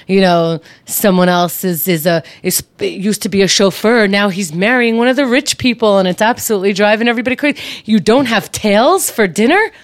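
A woman's voice: medium pitch, dry recording. Chatty, laughing female podcast co-host. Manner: chatty, laughs often, excited. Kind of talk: casual comedic chat.

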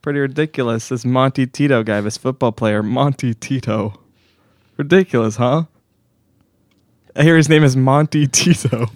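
A man hosting a comedy podcast, delivering a deadpan mock talk-show monologue and breaking into laughs. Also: medium pitch, moderate pace, dry recording.

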